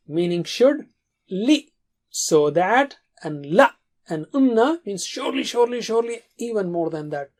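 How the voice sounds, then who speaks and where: Man teaching grammar in drills. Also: high voice. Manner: repeats drills rhythmically, mixes Arabic terms into English. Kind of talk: classroom lesson.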